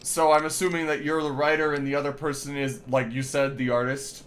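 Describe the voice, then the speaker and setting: Male game streamer, casual and conversational, mid-pitch, mutters asides while he plays. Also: flat delivery, fairly quick, slight background noise. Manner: chatty, answers chat, mutters to himself while playing. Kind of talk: casual gameplay commentary.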